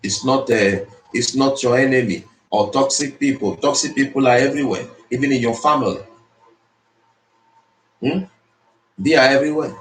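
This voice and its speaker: Motivational speaker, man, mid-pitched, preachy and repetitive, in an echoey room. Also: moderate pace, long pauses. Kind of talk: motivational speech. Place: speaking to an audience in the Philippines. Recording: roomy echo.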